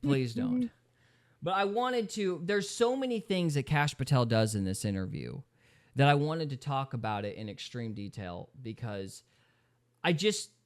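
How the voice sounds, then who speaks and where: A man hosting a podcast, giving casual, sarcastic reaction commentary with big swings of emphasis. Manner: animated, sarcastic, swings pitch widely for emphasis. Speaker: podcast host.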